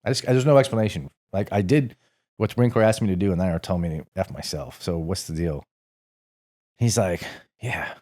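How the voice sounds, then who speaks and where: A man in his forties, a podcast guest telling stories in a relaxed, rambling, salty way, full of fillers and the odd curse. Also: sits low, fairly quick. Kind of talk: casual storytelling interview.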